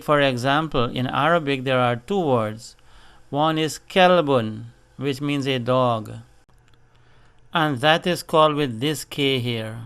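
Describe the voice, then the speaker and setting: A male teacher leads a beginner language lesson. He goes through letters and syllables one at a time, taking his time, and his voice comes across smooth and resonant. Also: mid-range voice, fairly bright tone. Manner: patient, deliberate spelling and drilling of syllables. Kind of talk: slow instructional lesson, spelling out letters.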